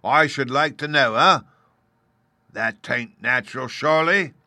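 A man voicing a bold, cunning pirate leader with gruff, blustering sailor talk. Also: medium pitch, unhurried, sharp tone, no room sound, studio quality, pitched above the performer's own voice. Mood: scoffing.

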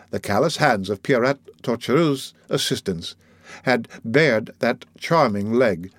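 A man's voice: medium pitch, no echo. Man narrating a classic novel, dry close voice. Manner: measured, dramatic storytelling.

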